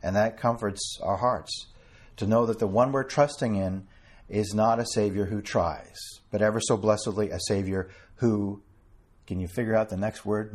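A man's voice: fairly low pitch, slightly rough. A man preaching an informal sermon to a small group, talking conversationally, addressing listeners by name and reading scripture in old-fashioned wording.

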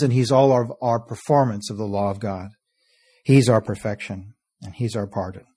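A man preaching a sermon, earnest, reading scripture slowly and letting phrase ends fall soft. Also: mid-range voice, husky. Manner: earnest, often trailing off softly at phrase ends; reads scripture in slow, stressed King James cadence.

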